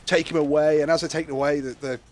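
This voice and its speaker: A man's voice: on the high side, level tone, fast talker, darkish tone. A British man streaming a game, chatting casually and telling a long joke full of fillers and restarts. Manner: rambling, many fillers and restarts. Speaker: gaming streamer.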